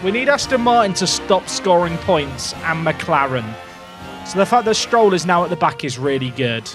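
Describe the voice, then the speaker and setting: A young man live-streaming a racing game, excitable and jokey, shouting at the screen between commentary. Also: fairly high pitch, normal speed, music in the background.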